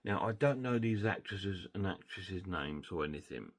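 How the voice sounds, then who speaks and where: A man's voice: low-pitched, lively intonation, normal speed. Chatty man rambling through a recap. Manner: rambling, chatty, with many restarts and fillers. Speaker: film reviewer. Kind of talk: casual film recap.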